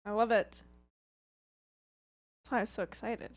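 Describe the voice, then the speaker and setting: Giggly woman co-host, slightly high voice. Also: fairly even intonation, normal speed, faint music behind. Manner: giggly, laughs often. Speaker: livestream co-host reading chat. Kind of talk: casual livestream banter.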